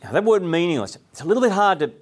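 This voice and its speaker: A man's voice: sits high, big pitch swings, racing. A middle-aged Australian man giving a conversational sermon, chatty and asking his listeners questions as he explains a text. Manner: chatty, asks the audience questions, frequent restarts. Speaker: preacher.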